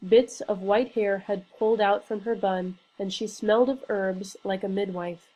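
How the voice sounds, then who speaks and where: Woman, audiobook narration, earnest and steady, warm mellow tone. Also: medium pitch, moderate pace, low-quality recording. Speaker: reader.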